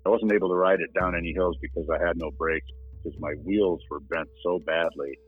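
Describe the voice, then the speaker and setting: Very deep-voiced guy telling his story, plainspoken, tinny phone-like sound. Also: steady tone, a little fast, slightly rough, dry recording, faint music behind. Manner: plainspoken, laughs now and then. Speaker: interview guest. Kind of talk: casual recounting. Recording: dry phone-like line.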